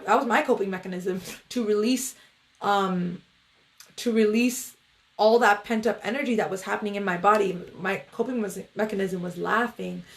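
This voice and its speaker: A woman meditation coach talking casually to viewers on a livestream, in a loose, chatty way with many fillers. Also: medium pitch.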